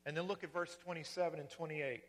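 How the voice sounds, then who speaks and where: Man, pastor preaching a sermon, earnest and fervent, fairly high voice, long echo of a hall. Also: steady tone, fast talker, fairly bright tone. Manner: earnest, rising to fervent wonder.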